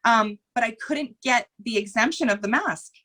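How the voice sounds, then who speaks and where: A woman's voice: fairly high pitch, moderate pace, sharp tone. A woman talking as a guest in a podcast interview, earnest and candid, speaking in long rambling runs that repeat phrases and sometimes turn emotional.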